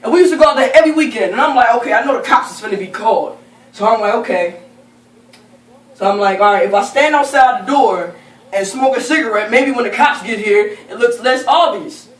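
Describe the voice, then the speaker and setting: A young woman casually telling a funny story to friends, animated and profane, often laughing as she talks. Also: a little high, quick pace. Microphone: camera held by a friend. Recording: roomy sound from a distant camera, faint noise.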